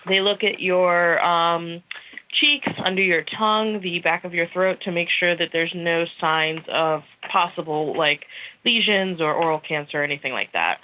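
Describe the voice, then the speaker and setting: A female dental receptionist answering a call, polite and matter-of-fact. Her voice is low-pitched but bright. A faint noise sits behind her. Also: moderate pace, highs cut off. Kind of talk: recorded phone call.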